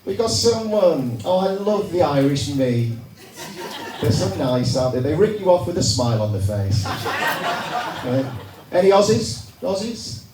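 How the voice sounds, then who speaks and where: A Northern English comedian from Yorkshire works the room with chatty, sardonic crowd work. His voice sits slightly high and comes from a distance, with a roomy echo and noise in the background. It sounds like a live stand-up comedy recording. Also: sing-song, unhurried. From England. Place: comedy club stage. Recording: echoey room, recorded from far off, noisy. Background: audience laughter.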